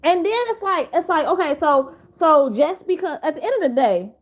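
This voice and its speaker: A woman's voice: high-pitched, expressive, normal speed, lo-fi sound. A woman giving casual drama commentary to camera, rambling and profane, with many repeated restarts. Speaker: commentary vlogger.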